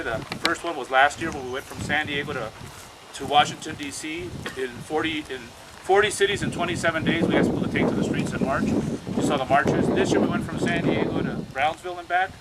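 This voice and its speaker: A man speaking to a crowd outdoors as an activist, telling stories in an urgent way and often repeating his words. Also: on the high side. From United States. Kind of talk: impassioned outdoor speech. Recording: noisy outdoor recording.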